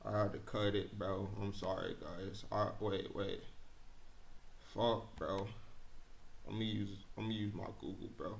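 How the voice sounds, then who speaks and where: A young man streaming, chatting casually and slowly with mumbled slangy asides. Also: fairly low pitch, level tone, vocal fry, a little hiss or hum. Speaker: streamer reacting to videos. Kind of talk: casual reaction commentary.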